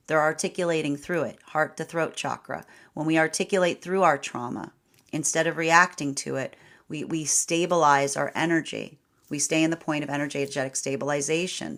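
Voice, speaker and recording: Animated woman giving a tarot reading. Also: low-pitched. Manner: animated, repeats "right?", laughs often. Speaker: tarot reader. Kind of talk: live tarot reading stream.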